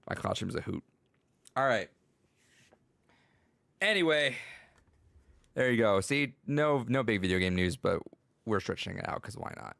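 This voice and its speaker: A man's voice: lowish voice, expressive, normal speed, gravelly, long pauses, fairly bright tone, no echo. A man hosting a casual podcast, telling rambling classroom stories as a teacher, laughing often and using many fillers. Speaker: podcast host and school teacher.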